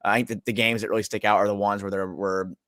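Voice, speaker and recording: A man's voice: on the low side, little pitch movement, fast, a bit bright, dry recording, studio quality. A man hosting a sports radio show, talking casually and reading from the live chat. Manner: casual, rambling, with fillers.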